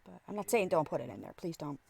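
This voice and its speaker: A woman's voice: deep voice, very animated, fast talker, creaky, crowd noise. A woman co-hosting a casual fan podcast, speaking in a hesitant, giggly, easygoing way. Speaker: podcast co-host. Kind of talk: casual chat.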